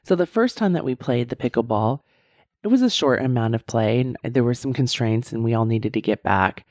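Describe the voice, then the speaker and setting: A woman's voice: extremely low pitch, animated, brisk, a little mellow, no room sound, clean studio sound. A woman in her fifties talking in a reflective, motivational monologue, earnest and repeating her points for emphasis, often checking in with "right?". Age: 50s.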